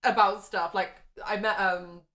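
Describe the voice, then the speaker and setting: A young woman co-hosting, teasing the others with quick interjections in casual chat. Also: mid-range voice, fairly even intonation, fairly bright tone.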